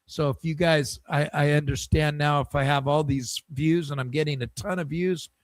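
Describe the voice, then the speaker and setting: Man, slightly high voice, dry close sound, casual rambling fan talk. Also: steady tone, moderate pace, no room sound. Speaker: football fan channel host.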